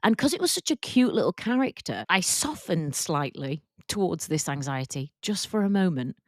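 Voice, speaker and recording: A woman podcast host talks through a personal experience, candid and reflective. Her voice sits a little low and she lets her feelings show softly. The recording is close and dry, with no room sound. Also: very animated, normal speed, no echo. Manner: soft, reflective and openly emotional, with casual fillers. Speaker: podcast host and work confidence coach.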